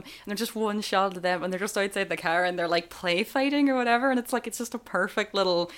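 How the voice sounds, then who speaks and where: A woman's voice: mid-range voice, quick pace, few pauses. A woman co-hosting a podcast, chatting casually about a film with many fillers and restarts. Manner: chatty, laughs often, trails off with fillers. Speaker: podcast co-host.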